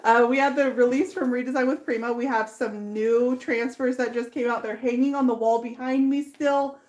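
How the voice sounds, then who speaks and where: A woman's voice: a little high, fairly even intonation, moderate pace, a little mellow. Chatty woman teaching a live painting demo. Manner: chatty, laughing, step-by-step instruction. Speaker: furniture painter and tutorial host. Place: workshop.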